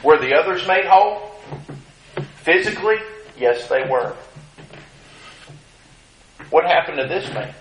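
A man's voice: a little high, animated, measured pace, long pauses, a little hiss or hum. A male preacher giving an emphatic sermon and reading scripture aloud. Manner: emphatic, reads scripture in old-fashioned phrasing. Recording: echoey room.

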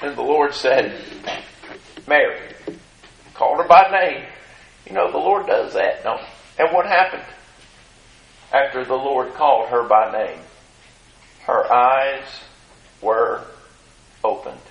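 A man preaching a sermon in a church, his voice climbing high and loud as he retells scripture dialogue. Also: slow, creaky, pauses often, echoey room, lo-fi sound. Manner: fervent, rises high and loud in retold dialogue.

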